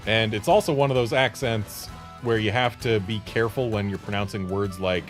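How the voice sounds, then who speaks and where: A man's voice: fairly low pitch, moderate pace, hardly any pauses, faint music behind. An American man chatting casually while streaming a video game, rambling off on tangents. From United States. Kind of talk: casual gameplay commentary.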